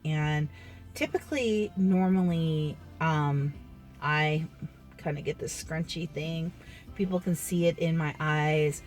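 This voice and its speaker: A woman chatting candidly in a casual faith vlog from a parked car, rambling with many pauses and fillers. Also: deep voice, a little mellow, soft background music. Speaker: vlogger.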